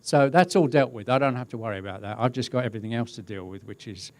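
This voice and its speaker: A middle-aged man, a crowd safety specialist, giving a webinar talk with relaxed, wry storytelling. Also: mid-range voice, quick pace. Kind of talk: webinar presentation, telling an anecdote.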